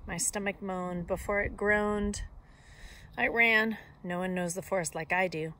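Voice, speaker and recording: A woman teacher reading a picture book aloud expressively, with soft whispered asides. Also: fairly low pitch, steady tone, a little slow, slight background noise. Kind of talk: storybook read-aloud.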